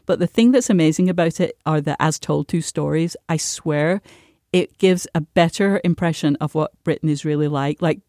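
A woman's voice: deep voice, dark tone, no room sound. Chatty woman panelist, dry studio sound. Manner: chatty, halting restarts. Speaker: podcast panelist. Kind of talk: casual chat.

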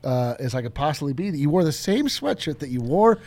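A man's voice: on the high side, big pitch swings, brisk, a little mellow. A man co-hosting a sports betting show, teasing his partner in a playfully mock-serious way. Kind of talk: casual sports chat.

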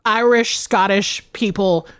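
A woman's voice: medium pitch, steady tone, takes it slowly, a bit bright, clean tone, no room sound, studio quality. A woman co-hosting a podcast in casual chat, swearing playfully and often restarting her sentences. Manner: profane, playful, repeats herself. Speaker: podcast co-host.

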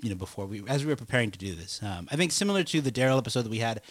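A man co-hosts a podcast, talking in a relaxed, chatty way. His voice is mid-pitched, and the recording is close and dry. He often laughs as he retells scenes. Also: rapid-fire, no echo. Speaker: podcast co-host. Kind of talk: casual chat.

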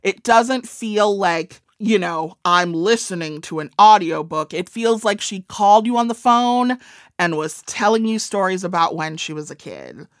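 A woman's voice: medium pitch, expressive, unhurried, dry recording, clean studio sound. A woman in her forties with a Midwestern accent, an author chatting in a wry, self-deprecating way. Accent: Midwestern American. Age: 40s. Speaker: author and comedian. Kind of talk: casual interview chat.

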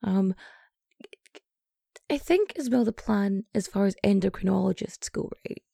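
A woman hosting a comedic podcast, chatting in rambling asides with lots of fillers, her voice getting hoarse. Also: medium pitch, measured pace, warm tone, no room sound, studio quality. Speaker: podcast host. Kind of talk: casual comedic storytelling.

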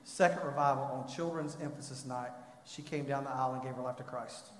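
A man preaching a sermon, telling a story and rising to loud, impassioned pleading. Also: medium pitch, fairly even intonation, fairly quick, a little hiss or hum. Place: church. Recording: echoey hall.

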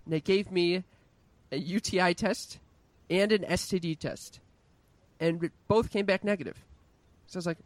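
A man's voice: sits high, steady tone, normal speed, dry recording. Frank young man telling a story. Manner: candid, frank, self-mocking. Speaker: storyteller, son of the host. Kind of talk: casual podcast storytelling.

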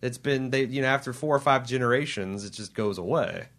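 A man's voice: medium pitch, fairly quick, fairly bright tone. A man in a casual film chat, speaking wryly and critically with frequent restarts and asides.

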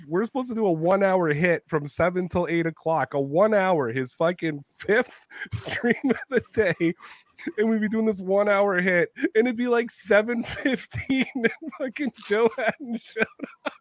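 A man's voice: high voice, measured pace, no echo, clean studio sound. A Canadian man on a podcast, telling a story in casual chat, swearing freely and acting out the people he quotes. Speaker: podcast co-host.

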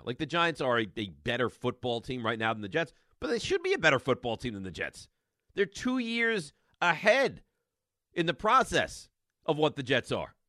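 Exasperated sports radio man, bright voice. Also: mid-range voice, no room sound, studio quality. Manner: exasperated, rambling, frequent restarts. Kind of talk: sports talk radio monologue.

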